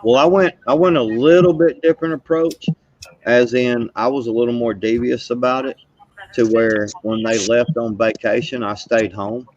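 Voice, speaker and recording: A man's voice: medium pitch, steady tone, normal speed, highs cut off. A man telling a rambling, profane story in casual livestream chat, chuckling as he goes. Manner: rambling storyteller, profane, laughs while talking. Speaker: guest caller on a live stream.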